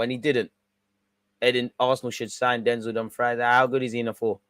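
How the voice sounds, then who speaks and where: A slangy man hosts a live football watch-along, mixing calm play-by-play with excitable bursts and banter. He talks fast in a mid-range voice, captured on a dry recording.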